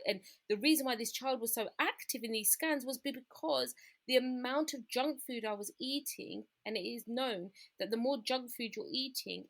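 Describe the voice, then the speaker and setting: A woman telling her own story in a candid, reflective conversation, growing quieter at the painful parts. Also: a little high. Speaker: guest sharing her experience.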